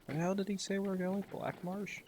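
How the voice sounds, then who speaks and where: A man's voice: high-pitched, level tone, brisk, darkish tone, a little hiss or hum. A man casually commenting on a video game playthrough in a laid-back, wry way. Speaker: gameplay video creator. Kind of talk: casual let's-play commentary.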